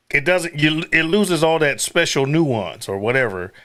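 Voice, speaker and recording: A man from Chicago in casual chat, telling stories quickly with laughs and swearing. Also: on the high side, lively intonation, fairly bright tone. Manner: profane, laughing, quick storytelling.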